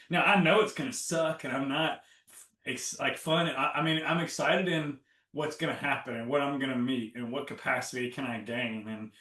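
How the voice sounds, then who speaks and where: A man being interviewed about his healing, animated and acting out his own inner dialogue. His voice is bright and forceful. It comes from a little off the mic in an echoey room. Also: medium pitch, normal speed. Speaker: guest, health coach. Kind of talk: casual interview talk. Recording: roomy, from a distance.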